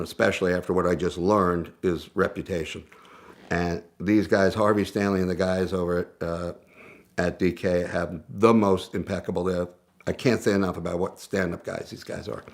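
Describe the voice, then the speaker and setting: Man with a low, gravelly voice for a casual, animated storytelling piece. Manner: animated, conversational, self-interrupting. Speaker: guest storyteller.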